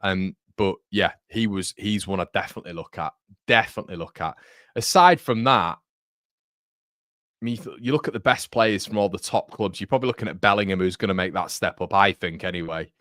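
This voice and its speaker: A man's voice: low voice, brisk, a bit bright, no room sound, clean studio sound. A young man from England, hosting a live football watchalong in a chatty, blokey way full of "mate" and "um". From North East England. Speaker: fan channel host. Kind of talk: live watchalong commentary and chat.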